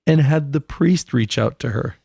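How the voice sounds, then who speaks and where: A man co-hosting a podcast, telling a story in casual chat, animated and swearing freely. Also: fairly high pitch, moderate pace, gravelly, dry recording, studio quality. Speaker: podcast co-host.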